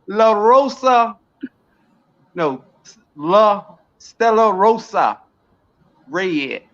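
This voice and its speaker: A man co-hosts a live gardening stream in a high, sing-song voice with a fairly bright tone, speaking very slowly. In casual live-stream chat he reads viewer comments aloud, jokes and laughs, all in dull lo-fi stream audio.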